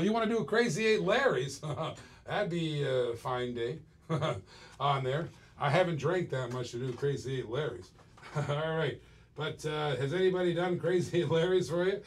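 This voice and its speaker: A man running a live toy car auction on a stream, rattling off bids in a running patter. His voice sits a little higher than most men's, and he keeps up easy banter with the chat as he works.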